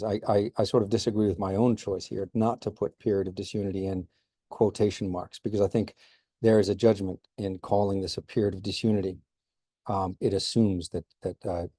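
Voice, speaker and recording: A middle-aged man talks through a slideshow as a history lecturer, in a low, mellow voice. He is informal and keeps stopping to restart with fillers. The sound is close and dry, with no room around it. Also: no room sound.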